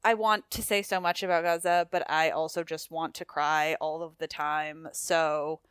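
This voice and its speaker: A woman's voice: deep voice, level tone, normal speed, a bit bright, clear, resonant tone, dry recording, studio quality. A woman hosting a podcast, talking candidly and emotionally, with frequent swearing and restarts. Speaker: podcast host. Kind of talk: casual podcast chat and outro.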